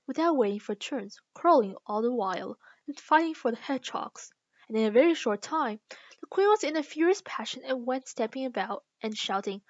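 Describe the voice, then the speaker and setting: Woman, storybook read-aloud, fairly high voice, dry and muffled sound. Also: dry recording. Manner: slow, careful reading with small restarts. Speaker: reader. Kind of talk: reading a children's book aloud.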